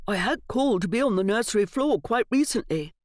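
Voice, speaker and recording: A woman's voice: medium pitch, lively intonation, a little fast, a little mellow, no room sound, clean studio sound, pitched above the performer's own voice, natural voice. Elderly male butler, deferential and polite, done by a woman narrator. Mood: delighted.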